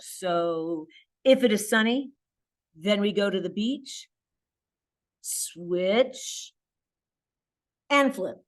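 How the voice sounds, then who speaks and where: A woman's voice: mid-range voice, expressive, extremely slow, pauses often. A woman math teacher giving a video lesson, stressing key words and encouraging her students.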